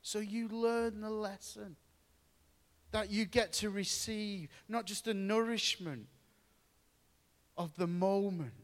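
A man preaching a sermon, earnest and deliberate, mixing Bible reading with storytelling. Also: high-pitched, in a large hall. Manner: earnest, slow and pausing, with storytelling asides.

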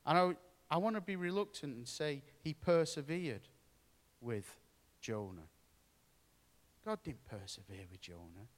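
Slow-preaching man, high voice. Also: animated, big-room sound. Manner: earnest, slow and pausing, with storytelling asides. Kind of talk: sermon.

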